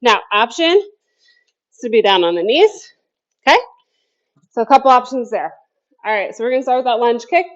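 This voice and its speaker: A woman's voice: fairly high pitch, lively intonation, a little fast, pauses often, dull audio. A woman coaching a home workout class, counting down cues and chatting between sets while out of breath. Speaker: fitness instructor. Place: home basement.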